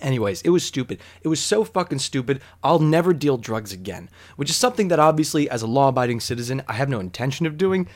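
A man recounts a comic personal story, mocking himself and swearing freely. His voice sits at an ordinary pitch for a man, but he swings between hushed asides and loud bursts. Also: lively intonation, fast, hardly any pauses.

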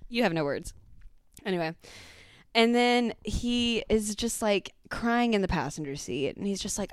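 A young woman, hosting a podcast and telling a story in a casual, animated way with lots of swearing. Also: mid-range voice, a little slow, clear, resonant tone, no room sound, studio quality. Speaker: podcast host.

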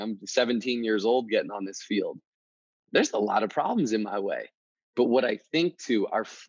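A man hosting a motivational podcast, telling a personal story in a casual, energetic way and often repeating himself. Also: lowish voice, no room sound. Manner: energetic, conversational, repeats words. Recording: dull, dry sound.

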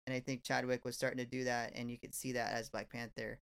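A man on a podcast, chatting casually and excitedly about movies, with lots of fillers and restarts. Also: medium pitch, fast talker, vocal fry, clean tone. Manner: enthusiastic, rambling, many fillers. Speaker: podcast host. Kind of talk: casual film review chat.

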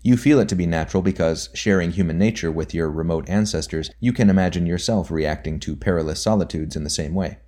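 Man narrating an audiobook, very low voice, measured and deliberate. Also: mellow.

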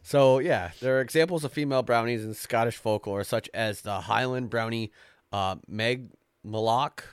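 A man hosting a casual podcast, reading folk tales aloud slowly with frequent fillers and stumbles and the odd curse. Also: medium pitch, clean tone, no echo. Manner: slow, stumbling read-aloud with filler and cursing. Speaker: podcast host. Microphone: close podcast mic.

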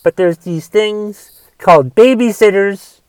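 A man's voice: high-pitched, slow, clear, resonant tone, no echo. A man delivering a solo rant, exasperated and swearing often as he talks. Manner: profane, exasperated ranting with restarts.

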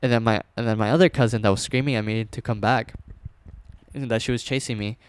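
A young man casually telling a scary personal story, rambling with fillers and restarts, dropping to a hush at tense moments. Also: mid-range voice, fairly even intonation, quick pace, clear, resonant tone.

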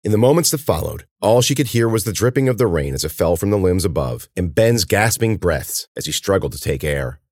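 A man with a very low voice reads a horror story aloud, letting his pitch rise and fall with vivid expression. The narration is measured and dramatic. The recording is close and dry, with no room sound. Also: lively intonation, a little mellow, no echo. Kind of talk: audiobook reading of a horror story.

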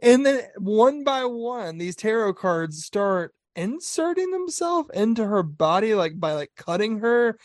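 A co-host on a casual horror-movie podcast, retelling scenes in an animated way and acting out lines and sound effects. The voice sits in a middle pitch. The sound is dry and close. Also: unhurried, hardly any pauses, no echo. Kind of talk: casual film-review chat.

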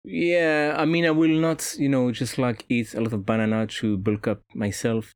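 A man's voice: mid-range voice, steady tone, moderate pace, clean tone, no room sound. A man with a French accent chatting as a podcast guest, hesitant, with many fillers and restarts. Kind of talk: casual chat.

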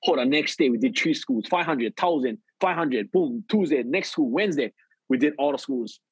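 A man with a Hawaiian Pidgin English accent telling his recovery story as a podcast guest, lively and animated. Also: mid-range voice, moderate pace, breathy edge, no echo, rough recording. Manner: lively, acts out quotes, says "bro" often.

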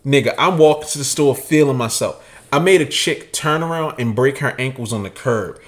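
A man's voice: medium pitch, normal speed. A young man co-hosting a casual sneaker podcast, telling stories with lots of slang and swearing and acting out the voices. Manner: animated storyteller, acts out voices; profane, slangy. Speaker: podcast co-host. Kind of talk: casual chat.

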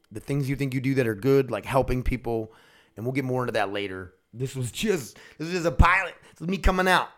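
A young man talks into his own podcast mic with an average-pitched voice. He rambles freely and excitedly, and his speech is loose and sprinkled with swearing. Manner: casual, profane, excitable rambling. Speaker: podcast host. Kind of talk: rambling solo podcast chat.

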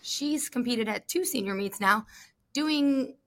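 A woman co-hosting a podcast, chatting casually in an animated, gushing, jokey way. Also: fairly high pitch, takes it slowly. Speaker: podcast co-host. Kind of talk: casual chat about gymnastics.

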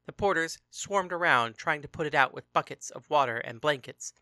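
A narrator reading a story aloud in a calm, even, first-person manner. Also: medium pitch, normal speed, dry recording, clean studio sound. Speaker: audiobook narrator.

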